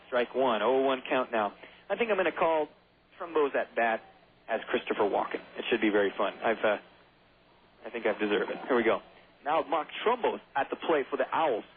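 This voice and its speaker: A man calling a minor-league baseball game play by play on the radio, mixing in goofy, rambling jokes between pitches. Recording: tinny phone-like radio broadcast.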